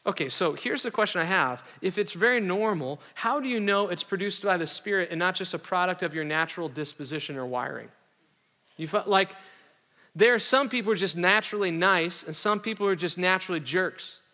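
A man's voice: high-pitched, lively intonation, a little fast, bright, forceful tone. A middle-aged man from Iowa preaching a sermon as a pastor, conversational and joking, with casual slang. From Iowa, USA. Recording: reverberant hall.

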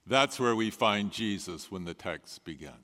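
A man delivers a sermon at an unhurried, deliberate pace, letting pauses hang between phrases. His voice is bright and forceful, and it rings out with a long reverb in a large sanctuary. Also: on the low side, expressive. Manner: measured storytelling with dramatic pauses. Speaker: pastor.

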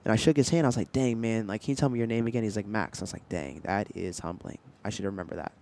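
A young man co-hosting a casual podcast, telling animated stories and trying out silly accents. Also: lowish voice, fast, creaky. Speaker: podcast co-host. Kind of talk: casual chat.

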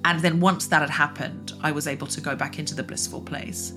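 A woman podcast host telling a personal story in earnest, halting chat. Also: low voice, steady tone, music in the background. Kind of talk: casual chat.

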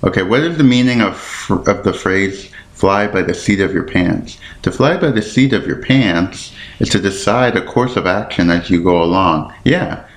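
The low-pitched voice belongs to a man hosting a casual podcast solo, captured with roomy sound. Rambling and musing aloud as he looks things up, he stumbles over his words and says sorry in a self-deprecating way.

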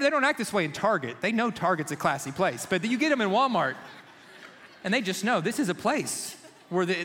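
A middle-aged man giving a sermon, telling a personal story in an animated, self-mocking way with quick asides. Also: high-pitched. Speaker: pastor. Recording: long reverb of a large hall.

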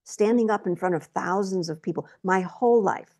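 A woman talking candidly in a casual conversation, telling stories about her life and getting animated when she acts out her own reactions. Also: mid-range voice, normal speed. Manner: candid storytelling, animated when quoting herself. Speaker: guest.

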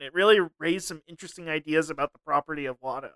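A man's voice: on the high side, very fast, bright, forceful tone, clean tone, dry recording. A man co-hosting a comedy podcast, laughing often and ranting in mock seriousness. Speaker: podcast co-host. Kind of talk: casual comedy chat.

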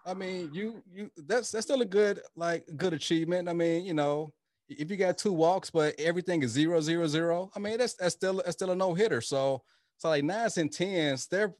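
A man's voice: a little high, no room sound, clean studio sound. A man hosting a casual podcast chat, talking loosely and rambling with many restarts and fillers. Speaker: podcast host.

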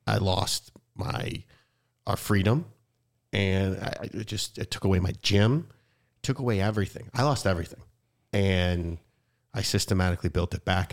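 A man's voice: sits low, gravelly. A man hosting a podcast interview, talking emotionally and rambling with many restarts. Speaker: podcast host. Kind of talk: heartfelt conversational interview.

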